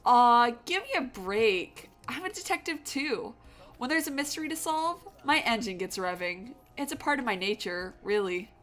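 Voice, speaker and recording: A woman's voice: a little high, lively intonation, moderate pace, a bit bright, faint music behind, pitched above the performer's own voice. A woman voicing a brash, callous young male detective with a put-on valley-girl drawl. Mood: cocky.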